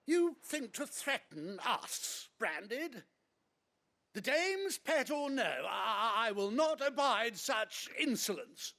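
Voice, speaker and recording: A man's voice: very high-pitched, sing-song, takes it slowly, sharp tone, exaggerated voice. A pompous, sneering cruel nobleman. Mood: outraged. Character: arrogant cruel middle-aged nobleman, haughty father.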